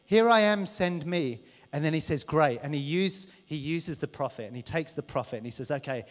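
A man preaching a live sermon in a church, candid and conversational, who acts out lines in an overexcited voice. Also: medium pitch. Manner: animated, acts out dialogues with a mocking overexcited voice. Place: large church hall. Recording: church hall reverb, live stream.

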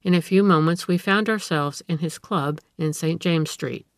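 A woman narrating a classic tale in a steady, measured way. Her voice sits on the low side and sounds dry and close to the mic, with no room around it. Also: no room sound. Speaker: audiobook reader. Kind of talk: scripted narration of a classic story.

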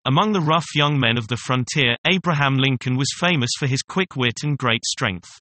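A man reading a story aloud in a steady, measured storybook narration. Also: medium pitch, no room sound. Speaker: story reader.

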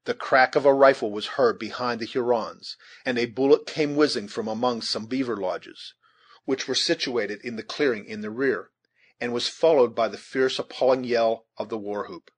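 A man narrating an audiobook in a measured, steady storytelling manner, with a husky voice. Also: medium pitch.

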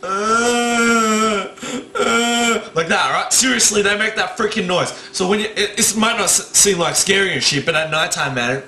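A young man doing stand-up, telling a story with loud bursts of fake panic and lots of swearing, without a microphone. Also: high-pitched, a little fast, hardly any pauses. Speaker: stand-up comedian. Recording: echoey room, no mic.

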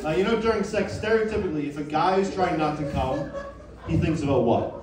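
Young guy doing standup, playful crowd banter, kinda high voice, roomy sound from off-mic. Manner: playful, self-mocking, quick asides to the crowd. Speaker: stand-up comedian. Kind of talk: stand-up set. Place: small comedy club with a live audience. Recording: roomy club sound, mic heard from a distance, audience noise.

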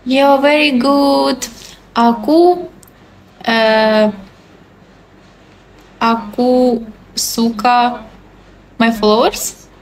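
A woman's voice: a little high, steady tone, extremely slow, long pauses, slight background noise, poor audio. A young woman in her twenties with a Belarusian accent, chatting cheerfully on a livestream in broken English, repeating greetings and thanks. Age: 20s. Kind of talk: casual live-stream chat reading comments.

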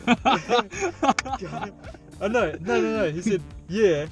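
A man's voice: sits high, drawn-out words, pauses often, faint music behind. A young man telling a rambling, profane dream story to a friend in casual chat. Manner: rambling, profane, animated retelling full of "like".

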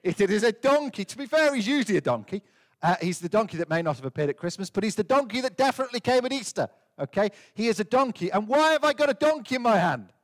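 A light, high-voiced man giving a children's talk in church. He keeps it playful, firing questions at the young ones and teasing out their answers. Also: big pitch swings, quick pace. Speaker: priest leading a family service.

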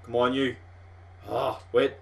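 This young Scottish gaming host has a gravelly, mid-range voice and takes his time. Still, his live, foul-mouthed commentary on the game is rowdy and excitable, much like a football fan's.

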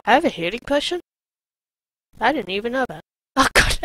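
Excitable high-voiced woman gamer. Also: measured pace, pauses often, no echo, poor audio. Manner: excitable, shouts taunts at enemies. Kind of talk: let's play commentary.

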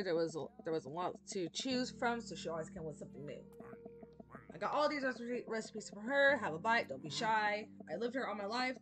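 A woman's voice: medium pitch, close to an everyday voice. A woman reading the lines of a friendly male baker in a video game who offers food to visitors, in close to her own voice. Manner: reads the game's dialogue aloud. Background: game music.

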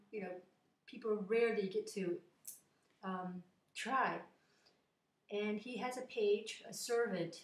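Casual woman retelling a story, echoey room. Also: medium pitch. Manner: informal, meandering.

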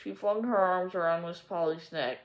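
A woman hosting a storybook reading, narrating in a gentle, measured way. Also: fairly low pitch, steady tone, dull audio. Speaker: storybook reader. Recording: echoey room.

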